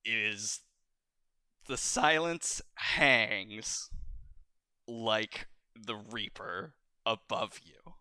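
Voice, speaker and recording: Game master, male, animated and laughing; smooth voice, dry sound. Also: on the low side, drawn-out words, no room sound. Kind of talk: narrating a tabletop game.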